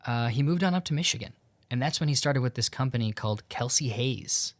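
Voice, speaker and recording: A young man hosting a podcast, retelling a story in a relaxed, casual way with lots of fillers and quoted dialogue. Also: medium pitch, brisk, no echo. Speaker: podcast host. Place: home in Tucson.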